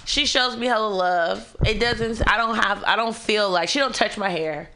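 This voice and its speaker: Young woman co-host, candid and animated, slangy casual talk, faint noise behind. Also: medium pitch, moderate pace. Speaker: radio talk show co-host. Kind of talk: casual chat.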